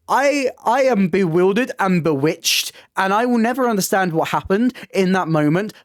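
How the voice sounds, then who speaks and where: Gushing woman with a lively voice. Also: fairly low pitch, no room sound, studio quality. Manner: gushing, excitable, trips over her words. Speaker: theatre reviewer and channel host. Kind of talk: casual review vlog.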